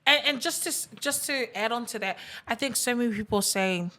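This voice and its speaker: A woman's voice: a little high, brisk, pushed and bright. A woman hosting a casual podcast, chatty and giggly, with slangy asides. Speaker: podcast host.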